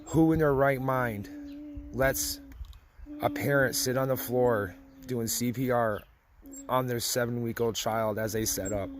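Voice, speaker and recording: A man's voice: mid-range voice, normal speed. A young adult man, a father, giving a blunt, emotional personal testimony that turns tearful at times. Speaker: father telling family story.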